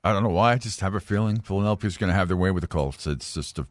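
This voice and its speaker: A man's voice: low-pitched, quick pace. A man co-hosting a sports talk show, opinionated and emphatic.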